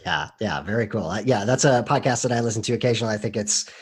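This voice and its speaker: A man hosting a podcast, talking in an earnest, measured way with frequent filler words. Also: lowish voice, lively intonation, breathy edge. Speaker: podcast host. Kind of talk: podcast introduction and interview.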